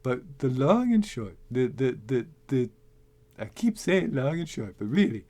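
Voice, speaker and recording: A man hosting a casual talk, rambling and animated with many restarts. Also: medium pitch, measured pace. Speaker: host. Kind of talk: casual talk on making tabletop game characters.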